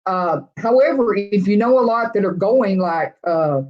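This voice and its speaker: A woman's voice: mid-range voice, measured pace, muffled recording. A middle-aged woman with a Texas accent chatting casually with live viewers, rambling from one thought to the next. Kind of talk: casual live-stream chat.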